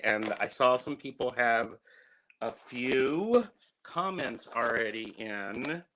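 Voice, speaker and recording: A man's voice: medium pitch, bright, forceful tone, a little hiss or hum. A man in his fifties hosting a casual livestream, chatting and greeting viewers by name. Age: 50s. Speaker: livestream host.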